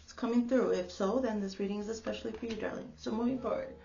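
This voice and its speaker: A woman's voice: on the high side, fairly even intonation, fast, gravelly, dark tone, muffled recording. A woman giving a casual spiritual tarot reading to the camera. She talks in a chatty, exclaiming way and calls the listener darling. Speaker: tarot reader.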